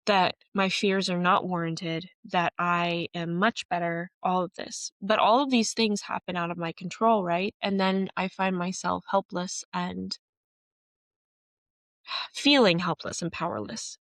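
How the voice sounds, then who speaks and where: A woman's voice: on the low side, fairly even intonation, measured pace, fairly bright tone, no echo. A woman hosting a podcast, telling a personal story in an earnest, emotional and candid way. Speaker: podcast host.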